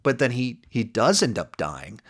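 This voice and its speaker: A man's voice: medium pitch, big pitch swings, moderate pace, slightly rough. A man giving a casual spoken review of a TV episode, rambling through the plot with lots of "like" and "you know" and acting out the characters' lines. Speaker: TV series reviewer.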